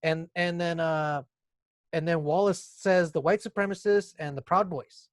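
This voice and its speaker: A man's voice: on the high side, steady tone, moderate pace, no room sound. A man co-hosting a podcast, chatting casually and recapping events in detail. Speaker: podcast co-host. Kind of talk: casual political chat.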